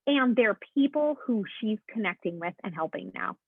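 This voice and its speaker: Husky-voiced woman coach on a phone line. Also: medium pitch, expressive, moderate pace, no room sound. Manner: chatty, keeps checking in with "okay?"; encouraging, addresses listeners as "guys". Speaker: coach leading a team call. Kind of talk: motivational coaching talk. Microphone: call audio. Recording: tinny, dry phone-line sound.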